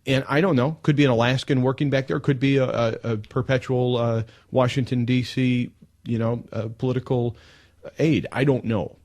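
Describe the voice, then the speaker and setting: A man hosting a live talk radio show, telling stories in an emphatic, animated way into a studio mic. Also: mid-range voice, normal speed.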